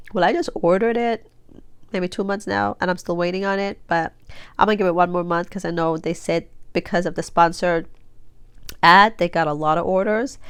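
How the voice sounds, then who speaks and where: A woman's voice: on the low side, clear, resonant tone, no echo. A woman in her forties chatting casually and rambling as she crafts, with a stuffy, blocked nose. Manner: chatty, rambling, many fillers and restarts. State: stuffy nose after sneezing. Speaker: craft vlogger. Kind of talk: casual tutorial chat while crafting.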